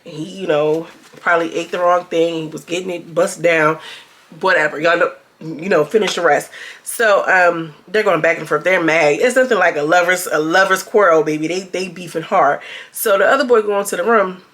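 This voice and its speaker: A woman's voice: fairly low pitch, normal speed, fairly bright tone. A woman giving casual, slangy commentary on a reality show and talking straight to her viewers. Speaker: reality TV reviewer.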